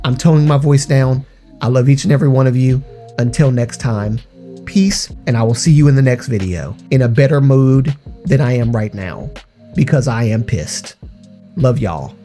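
A man delivers a scolding vlog rant with his voice still slightly hoarse after being ill. He speaks in a mid-range voice and stays emphatic throughout. Soft music plays faintly behind him. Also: mid-range voice, expressive, normal speed. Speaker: YouTuber. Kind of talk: ranting commentary vlog.

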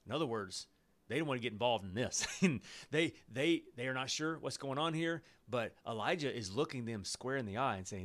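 Playful man teaching a Bible passage. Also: mid-range voice. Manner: lively and playful, laughing at the story and using slang asides; pauses the reading to explain in plain words. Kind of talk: Bible study teaching, reading and explaining scripture.

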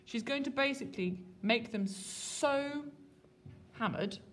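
A woman teaches a literature lesson in a classroom. Her voice sits fairly high. She talks in a lively, colloquial way and keeps calling on her students. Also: takes it slowly, slight background noise. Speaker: English teacher.

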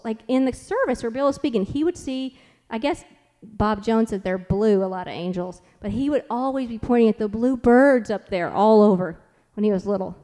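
Speaking in a large hall, a woman with a fairly high, darkish voice talks briskly. A mother and conference speaker, she tells stories at a church conference in a chatty, rambling way, saying "like" a lot and restarting often.

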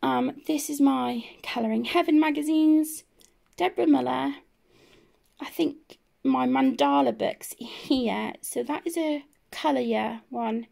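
A woman's voice: sits high, unhurried, vocal fry, darkish tone. A grown woman chatting casually as she tours her home colouring area, rambling and self-deprecating. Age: adult. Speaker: colouring channel host. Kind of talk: casual room-tour chat.

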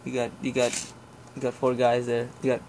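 A young man rambles through a casual review of an old CD, swearing freely and letting out sighs and groans. His voice stays flat and even, with little rise or fall. A faint noise sits behind him. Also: medium pitch, normal speed. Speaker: vlogger reviewing his CD collection.

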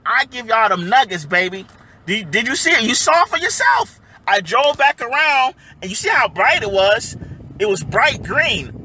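A man's voice: sits high, bright, forceful tone, slight background noise. A man hosting a phone livestream from inside his car, hyped and chatty, laughing often and calling his viewers y'all. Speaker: livestream host. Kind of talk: excited livestream chat to viewers.

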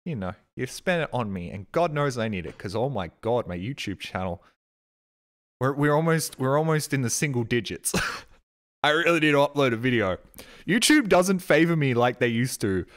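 An Australian man with a medium-pitched, sing-song voice hosts a live stream at a normal pace. He talks loosely and casually to his viewers, rambling, joking and swearing freely as he reads chat messages and thanks subscribers.

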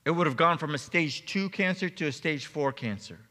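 A man's voice: on the high side, animated, normal speed, pushed and bright. A man preaching a sermon as pastor, telling a personal testimony with emotion and stumbling repeats. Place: church sanctuary. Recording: long reverb of a church hall.

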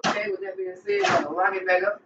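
A man's voice: high voice, very fast. Gushing man in an echoey kitchen. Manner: gushing, exclamatory, keeps saying how excited he is. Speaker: home cook channel host. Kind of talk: casual cooking vlog. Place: home kitchen. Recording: echoey kitchen, distant, dull and noisy.

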